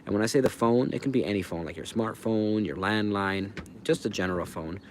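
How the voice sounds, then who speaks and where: A man's voice: lowish voice, fairly quick, slight background noise. A man hosting a livestream outdoors, rambling casually and answering viewers in chat by name. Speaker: livestream host. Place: outdoors by a fire.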